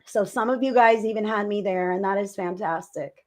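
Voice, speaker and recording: A woman's voice: mid-range voice, brisk, darkish tone. A woman doing live psychic readings on a stream, chatting with viewers in a gushing, affectionate, rambling way.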